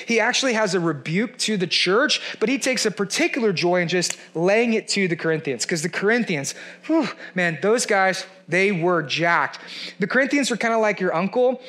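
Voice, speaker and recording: A man preaches in a loose, conversational style with a fairly high voice. He mixes teasing sarcasm into the message and acts out voices to land his points. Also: moderate pace. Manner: animated, conversational, playfully sarcastic. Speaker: pastor. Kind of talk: sermon.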